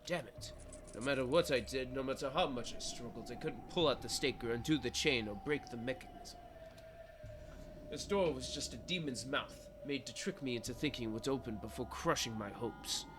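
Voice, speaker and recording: A man's voice: medium pitch, fairly quick. Man reading a game aloud dramatically. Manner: dramatic first-person reading with pleading repetition. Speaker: streamer. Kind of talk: reading a visual novel aloud. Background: game music.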